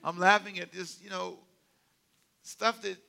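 An older man preaching a sermon, animated and humorous, telling stories with sudden drops to quiet asides. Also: high-pitched, unhurried, gravelly. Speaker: pastor.

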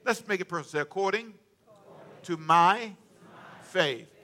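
A male pastor preaching a sermon in church, leading the congregation in call-and-response and swinging between loud and quiet delivery. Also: high-pitched, measured pace, slight background noise.

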